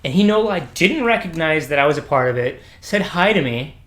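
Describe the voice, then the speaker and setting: A man in casual podcast chat, animated and quick to laugh. He voices the people in his stories in sudden high pitches. The room around him rings with echo. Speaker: podcast co-host telling stories. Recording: roomy echo.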